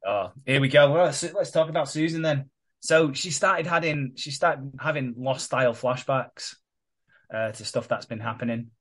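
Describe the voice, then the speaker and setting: A man's voice: mid-range voice, steady tone, moderate pace, a bit bright. A man co-hosting a podcast, recapping a soap storyline in a rambling, sweary way. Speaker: podcast co-host. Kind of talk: casual recap chat.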